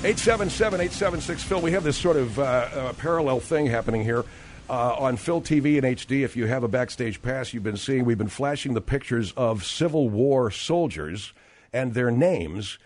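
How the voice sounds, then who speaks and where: A man's voice: mid-range voice, animated, normal speed. Man hosting a call-in radio show. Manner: incredulous, pointed questioning. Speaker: radio talk show host.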